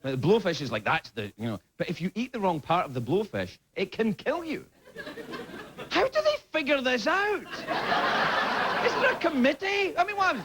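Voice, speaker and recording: A man's voice: extremely high pitch, big pitch swings, normal speed. A Scottish man, a late-night talk show host, delivering a rambling comedy monologue with lots of stammering restarts. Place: TV studio. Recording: loud background noise.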